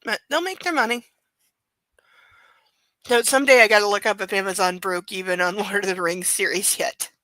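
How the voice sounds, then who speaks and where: A woman's voice: medium pitch, moderate pace, pauses often, sharp tone, no echo, low-quality recording. A woman hosting a book club podcast, reading aloud and giving sarcastic, rambling commentary. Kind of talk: casual chat and reading aloud.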